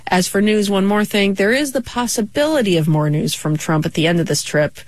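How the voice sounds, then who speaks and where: A woman political correspondent giving a quick, informed live report. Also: mid-range voice, lively intonation, no echo.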